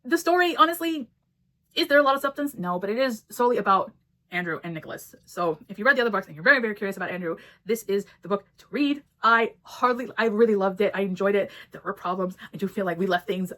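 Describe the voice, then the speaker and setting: Casual book reviewer, female, rapid-fire delivery, blunt and profane, slips into characters' lines while recapping. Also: mid-range voice, lively intonation, bright, forceful tone. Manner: blunt, swears freely, acts out characters' lines.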